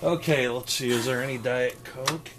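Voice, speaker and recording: A young man vlogging in a goofy, clowning way, loud and prone to sudden outbursts, recorded on a handheld camera mic in an indoor vending room. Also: medium pitch, fairly even intonation, moderate pace. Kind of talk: goofy late-night vlog chatter. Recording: noisy handheld camera audio.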